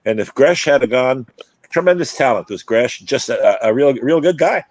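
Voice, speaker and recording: An older former player and broadcaster telling stories in a rambling way, restarting sentences and acting out quotes. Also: male voice, mid-range voice, expressive, normal speed, no echo. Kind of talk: casual storytelling chat.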